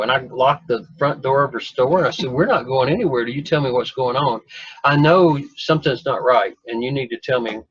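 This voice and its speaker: A man's voice: mid-range voice, fairly bright tone, slightly rough, dry recording. A man telling a long personal story in a folksy, rambling way with self-deprecating humor. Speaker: guest telling his story. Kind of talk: casual storytelling. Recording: dull lo-fi dry recording.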